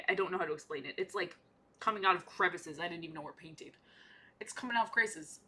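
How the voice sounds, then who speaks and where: A woman's voice: medium pitch, bright, forceful tone. A young woman chatting casually while painting miniatures, repeating her own lines as she talks. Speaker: art vlogger.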